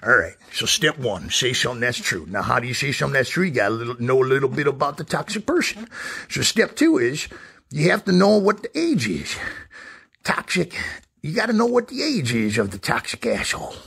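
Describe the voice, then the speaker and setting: A man's voice: mid-range voice, very animated, fairly quick, creaky, a bit bright, breathy edge, exaggerated voice. A man voicing a foul-mouthed, cocky male ventriloquist dummy in a comedy puppet sketch, brash and boastful.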